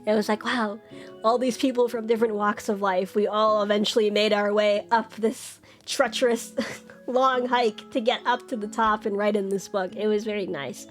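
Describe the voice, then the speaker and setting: A woman's voice: mid-range voice, fairly even intonation, moderate pace, soft background music. A young woman streaming, chatting casually and bubbly, jumping up into squeals when she greets her chat.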